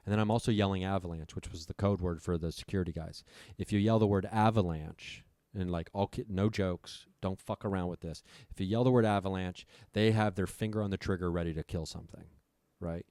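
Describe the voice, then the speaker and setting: Deep-voiced guy swearing his way through a story on a podcast, dry close mic. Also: fairly even intonation, a little fast, hardly any pauses, darkish tone, dry recording. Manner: profane, breathless retelling. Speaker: podcast guest.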